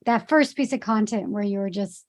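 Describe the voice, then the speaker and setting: A woman's voice: medium pitch, moderate pace. A woman hosting an interview podcast, asking rambling questions that restart and trail on. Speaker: podcast host.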